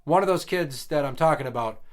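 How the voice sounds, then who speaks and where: A man's voice: on the high side, brisk. A man in his thirties co-hosting a podcast, telling stories in a blunt, profane, casual way. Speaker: podcast co-host.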